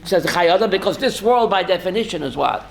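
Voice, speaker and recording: A man's voice: high-pitched, animated, fast, creaky, slight background noise. An older man, a rabbi, giving a holiday sermon who puts questions to the congregation and answers them himself, telling stories with emphatic swings. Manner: storytelling, swings from soft to emphatic.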